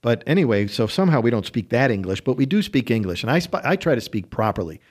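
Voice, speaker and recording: A man's voice: medium pitch, sing-song, quick pace, darkish tone. A man in his sixties from western New York hosting a radio talk show, rambling and chatty with frequent laughs. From western New York State. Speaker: radio host. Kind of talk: casual on-air talk.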